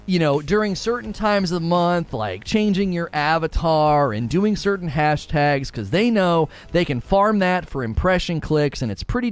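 Fired-up guy streaming, goes up and down a lot, kinda higher voice, faint music under it. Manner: animated, argumentative, repeats and restarts words. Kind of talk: casual opinion rant.

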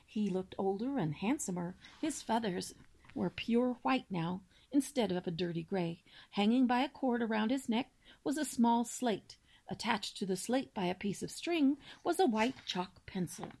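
A woman reading a children's novel aloud in a steady storybook manner, with small slips now and then. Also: a little high, moderate pace, creaky. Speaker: reader.

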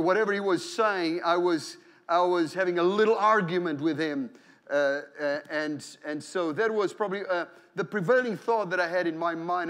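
A man's voice: high-pitched, fairly bright tone. A male pastor preaching a sermon in a conversational way, often repeating words and now and then rising into exclamations of praise.

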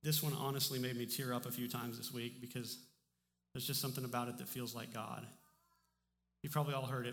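A man's voice: mid-range voice, fairly quick. Male pastor preaching in a reverberant hall. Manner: relaxed, conversational preaching with frequent restarts. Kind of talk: sermon. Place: church sanctuary.

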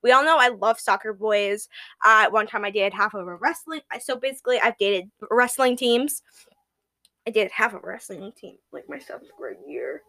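A woman's voice: mid-range voice, animated, moderate pace, bright, forceful tone. A teenage girl hosting a solo podcast, chatting casually and gushing, often laughing at her own jokes. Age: teens. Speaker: podcast host.

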